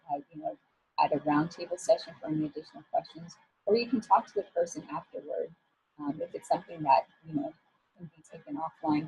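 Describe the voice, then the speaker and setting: A woman's voice: lowish voice, mellow, dull audio, a little hiss or hum. A woman working as an image coach, giving a talk on professional communication in a casual, encouraging way with frequent fillers.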